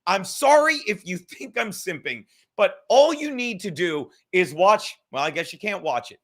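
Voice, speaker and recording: A man hosting his own podcast, ranting in a heated, profane monologue with quick laughs. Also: high voice, animated. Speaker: podcast host.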